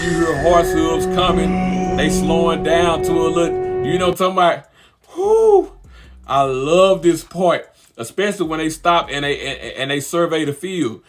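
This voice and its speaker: A young man giving an animated, slang-heavy fan commentary, repeating lines for emphasis. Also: a little high. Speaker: vlogger.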